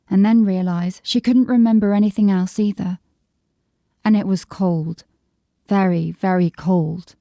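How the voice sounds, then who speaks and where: A woman narrating a fantasy audiobook in a measured, descriptive storytelling manner. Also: mid-range voice, gravelly, dark tone, no echo, studio quality. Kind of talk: scripted narration.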